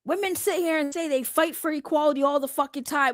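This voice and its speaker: A young woman delivers a fired-up commentary rant, blunt and full of slang and cursing. Her voice sits high. The sound is dry and close, with no room around it. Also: a little fast, dry recording. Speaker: commentary YouTuber.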